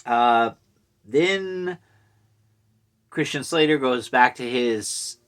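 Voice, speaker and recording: A man's voice: medium pitch, expressive, very slow, fairly bright tone. A man giving a casual, rambling recap of a horror movie for his review channel, with lots of fillers and asides.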